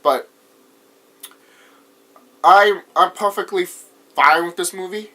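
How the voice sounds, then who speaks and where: A young American man rambling excitedly through a casual movie review, laughing often and swearing freely. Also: high voice, slow pace. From United States. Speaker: vlogger.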